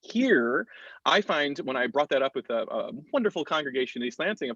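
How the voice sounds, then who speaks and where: An American clergyman in his thirties speaking thoughtfully on a panel, with frequent pauses and restarts. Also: medium pitch, very animated, fairly bright tone, breathy edge, dry recording. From United States. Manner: reflective, thoughtful, many fillers and restarts. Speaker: clergyman and campus chaplain. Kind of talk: panel discussion talk. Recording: dull lo-fi dry sound.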